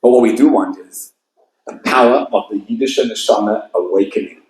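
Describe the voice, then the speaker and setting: A man's voice: fairly low pitch, brisk, a little mellow, echoey room, low-quality recording. Passionate man preaching a sermon. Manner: passionate, emphatic storytelling. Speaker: rabbi. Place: event hall with audience.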